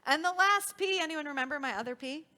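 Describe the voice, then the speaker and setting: A woman's voice: high voice, expressive, fast, pushed and bright. A woman leading a children's worship service, cheerfully quizzing the children and teaching them as she goes. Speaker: song leader teaching children. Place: synagogue sanctuary.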